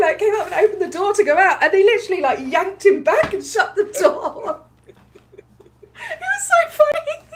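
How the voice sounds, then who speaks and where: A woman with an Australian accent, telling a story in a casual livestream recap, chatty and animated, with many fillers and frequent laughs. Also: medium pitch. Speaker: activist livestream host.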